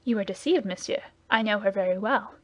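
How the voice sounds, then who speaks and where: A woman's voice: mid-range voice, brisk, no room sound, highs cut off, close to an everyday voice. A woman voicing an impetuous, jealous young male guardsman in a heated, pleading way. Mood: defiant.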